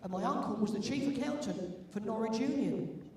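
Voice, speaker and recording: A man's voice: high-pitched, expressive, moderate pace, a little mellow. An older man from London with a London accent, compèring an event and bantering cheekily with the crowd in a teasing, chatty way. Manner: jokey, teasing, chatty with the audience. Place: large indoor sports arena. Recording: echoey hall from far off, with room noise.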